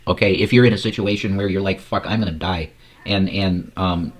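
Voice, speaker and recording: A man's voice: low voice, fairly even intonation, a little fast. A man giving casual, profane commentary on news clips, ranting and rambling. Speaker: commentary streamer.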